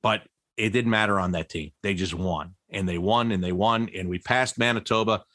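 A middle-aged man, a former broadcaster, telling stories in a casual interview, with many restarts and pitch that jumps up when he gets excited. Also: moderate pace, dry recording, clean studio sound.

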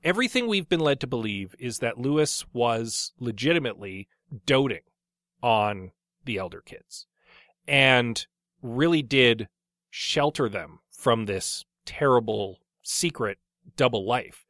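A man co-hosting a casual book discussion podcast, talking in a wry, relaxed way with jokey segues. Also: medium pitch, a little slow, no room sound, studio quality. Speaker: podcast co-host.

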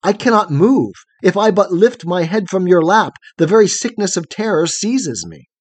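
A man voicing a young man who is frightened of the dark and speaks in a fearful, pleading way. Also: high voice, sing-song, moderate pace, no echo, voice pushed up. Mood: terrified.

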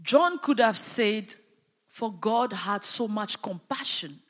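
A woman delivers a sermon at a measured, unhurried pace. Her voice carries a long reverb, as if she is filling a large hall. She swells on key lines and calls out to her listeners for a response. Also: medium pitch, animated, fairly bright tone. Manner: impassioned, rising and falling emphasis with call-and-response. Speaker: preacher.

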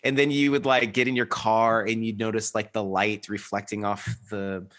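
A man's voice: fairly low pitch, flat delivery, normal speed, a bit bright. A man in his thirties talking in an earnest, rambling way, full of restarts and fillers, as a guest in a reflective conversation.

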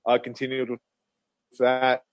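A man's voice: medium pitch, completely flat delivery, unhurried, dry recording. A man co-hosting a casual wrestling podcast, giving his opinions with many restarts and fillers. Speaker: podcast co-host.

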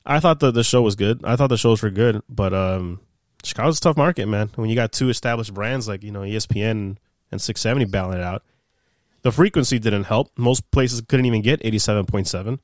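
In clean studio sound with no room echo, a young podcast guest with a lowish voice talks briskly. Once a sports radio producer, he tells lively, casual stories from those days, swearing often and performing the quoted dialogue himself.

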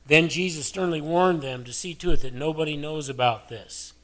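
A man's voice: on the high side, moderate pace. An older male pastor preaching a sermon in a conversational way, asking his listeners many rhetorical questions.

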